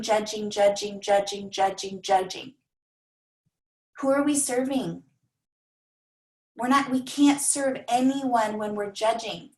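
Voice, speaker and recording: A woman coaching a team of coaches in an energetic, repetitive manner, often acting out the voices of clients. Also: on the high side, echoey room, low-quality recording. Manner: energetic, repeats phrases, acts out clients' voices.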